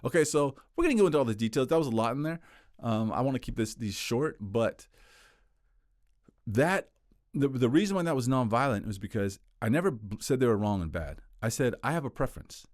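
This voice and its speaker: A man teaching communication skills in a casual explainer style, animated and acting out example quotes in playful voices. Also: medium pitch, brisk, no echo, studio quality.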